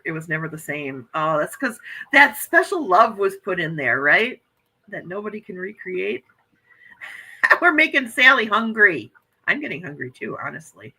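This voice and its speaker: Very bright-voiced effusive woman in her fifties. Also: sits low, rough recording. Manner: effusive, gushing exclamations. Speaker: livestream host. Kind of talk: casual morning chat reading viewer comments.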